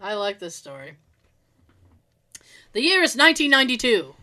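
Bright-voiced woman reading stories. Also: on the high side, very animated, moderate pace. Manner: laughs often, quips between stories. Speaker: storyteller reading listener stories. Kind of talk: casual story reading with asides.

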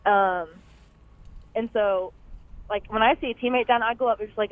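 A woman's voice: medium pitch, steady tone, fairly quick, pauses often. Young woman calling in over a phone line. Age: young adult. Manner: peppers her talk with "like" and "um". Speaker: caller, college rower. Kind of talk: phone-in chat.

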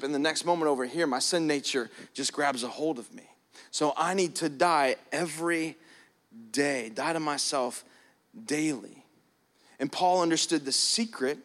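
A man preaching a sermon, shifting between quiet prayerful passages and loud emphatic stretches. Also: a little high. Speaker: pastor.

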